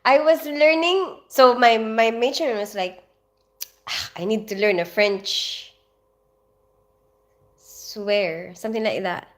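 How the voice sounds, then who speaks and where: A woman's voice: on the high side, slow pace, long pauses. A woman, chatting casually on a livestream with lots of laughter and rambling asides. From Philippines. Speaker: nurse and livestream host. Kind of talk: casual livestream chat reading viewer comments.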